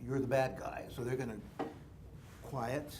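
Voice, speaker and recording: A student in a classroom who speaks haltingly and searches for his words. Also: mid-range voice, steady tone, background noise.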